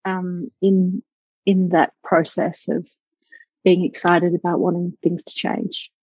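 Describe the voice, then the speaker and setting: A woman's voice: on the low side, level tone, takes it slowly, a little mellow, breathy edge, no room sound. A woman, a business owner talking reflectively and with enthusiasm in a conversational interview, with many fillers. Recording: slightly dull lo-fi audio.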